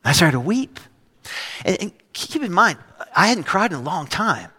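Middle-aged man, pastor, bright voice, preaching in a hall with long reverb, lively storytelling. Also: high voice, normal speed, slightly rough. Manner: storytelling with acted quotes and laughs. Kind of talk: sermon. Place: church stage.

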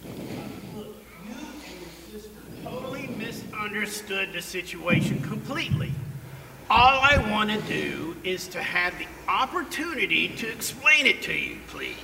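An actor playing a grumpy, rude old male neighbor in a church skit, with a gravelly, grumbling voice and sudden shouts. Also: high-pitched, lively intonation, unhurried, exaggerated voice. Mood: pleading. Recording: roomy, distant, noisy reverberant room.

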